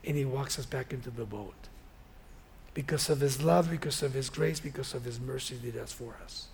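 A man preaching a sermon, retelling a Bible story in an animated, conversational way and speaking straight to his listeners. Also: medium pitch, a little fast, creaky, slight background noise.

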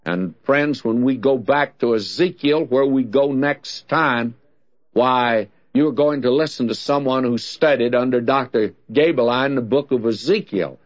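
A man's voice: mid-range voice, unhurried. An older man with a Southern US accent, teaching the Bible on the radio in a folksy, conversational way, telling stories as he goes. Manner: folksy, conversational preaching with storytelling. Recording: dull lo-fi old radio recording.

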